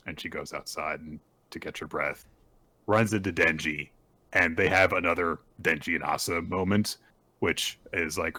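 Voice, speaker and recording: A man's voice: sits low, pushed and bright, no room sound. A man hosting a podcast, casually recapping a manga chapter in a rambling way, with fillers and the odd swear. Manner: rambling retelling with fillers and profanity; plays characters' lines in quick put-on voices. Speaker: podcast host.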